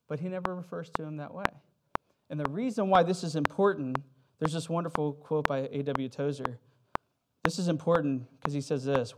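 A man preaching a sermon in a conversational way, with fillers and self-corrections, who reads scripture with rising emphasis. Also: fairly high pitch. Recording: loud background noise.

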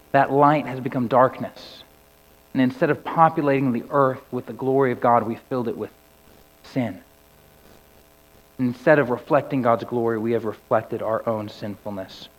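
A man preaching a sermon. His delivery sinks low and soft on key words and climbs to loud cries when he quotes scripture. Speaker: pastor. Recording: dull recording with long hall reverb.

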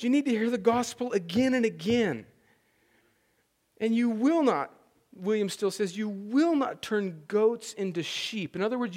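A man preaching a sermon as pastor, talking in a conversational, emphatic way that often restarts its sentences. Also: high-pitched.

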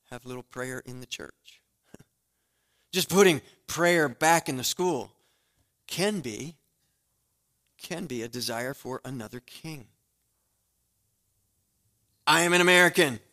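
A middle-aged man preaching a sermon as pastor, talking straight to his congregation and swinging from hushed asides to loud, emphatic declarations in a church sanctuary. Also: on the high side, lively intonation, slow, gravelly, long pauses. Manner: conversational, direct address to the congregation.

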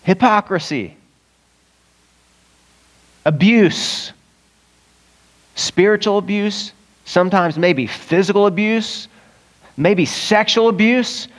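A man preaching a casual, conversational sermon as a pastor, animated and acting out the voices of the people in the story. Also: high voice, takes it slowly, pauses often. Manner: animated, acts out voices of Bible characters, chuckles often. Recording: long reverb of a church hall.

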